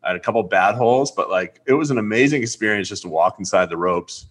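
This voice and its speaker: A young adult man telling a story in casual chat. He is animated and acts out the quotes with big leaps up in pitch. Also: quick pace, husky. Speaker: podcast host.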